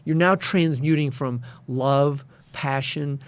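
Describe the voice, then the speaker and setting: A man's voice: on the high side, takes it slowly, smooth, no room sound. A man being interviewed as a success and addiction coach, telling stories with confidence and acting out the voices of people he quotes. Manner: storytelling, acts out quoted voices. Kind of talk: interview conversation.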